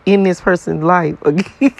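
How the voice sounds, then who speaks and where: A man's voice: sits high, fairly even intonation, unhurried, vocal fry, slight background noise. A man in a casual, blunt, profane rant to his viewers, repeating himself and laughing between points. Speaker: vlogger.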